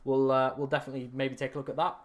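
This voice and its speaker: A young man, his voice raspy and strained after hours of live streaming. He rambles and corrects himself as he chats to his viewers from home. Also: mid-range voice, completely flat delivery, rapid-fire. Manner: rambling, self-correcting, talks to chat. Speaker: fantasy football streamer. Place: room at home.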